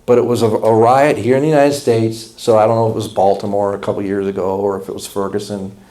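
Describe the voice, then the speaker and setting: A man's voice: fairly low pitch, flat delivery, fast talker, mellow. Blunt, impassioned man preaching a sermon. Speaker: pastor.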